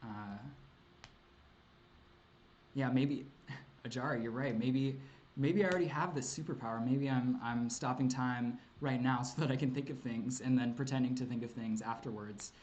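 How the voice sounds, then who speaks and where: A man chats through a casual livestream Q&A, hesitant and rambling, filling gaps with ums and likes. He laughs often and swears offhandedly, his voice sitting in an ordinary middle pitch. A faint hum of ambient noise sits behind him. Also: moderate pace, a little mellow, dull audio. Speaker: streamer answering chat questions.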